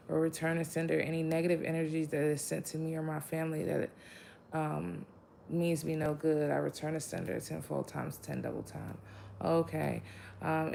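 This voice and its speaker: A woman's voice: sits low, vocal fry, darkish tone, a little hiss or hum. A woman giving a casual spiritual pep talk as a vlogger, blunt and profane, rambling with lots of fillers.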